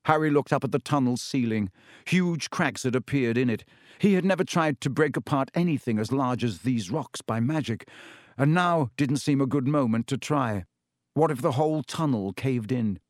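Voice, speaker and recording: A man narrating a storybook in a measured, dramatic reading. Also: mid-range voice, dry recording, clean studio sound. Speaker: audiobook narrator.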